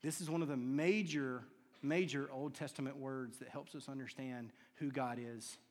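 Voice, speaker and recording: Man, sermon, storytelling preacher, mid-pitched, long reverb from the hall. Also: steady tone, moderate pace. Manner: storytelling, acts out quoted lines with hushed and raised turns. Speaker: pastor.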